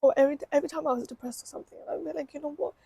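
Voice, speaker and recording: A woman's voice: high voice, fairly even intonation, racing, vocal fry, warm tone, no echo. A young woman vlogger telling a painful personal story in a candid, emotional way, often repeating herself.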